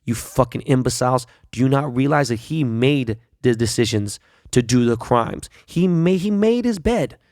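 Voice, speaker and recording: A man's voice: medium pitch, expressive, moderate pace, a little mellow, dry recording, studio quality. A middle-aged man hosting a podcast, delivering a blunt, profane, heated solo rant. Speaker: podcast host. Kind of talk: ranting solo podcast monologue.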